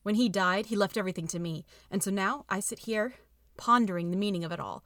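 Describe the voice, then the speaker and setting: A woman reads a story aloud in a steady, expressive narration. Her voice sits at a middle pitch, and the recording is dry and close, with no room sound. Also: quick pace, dry recording. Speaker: audiobook reader. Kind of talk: reading an AI-written story aloud.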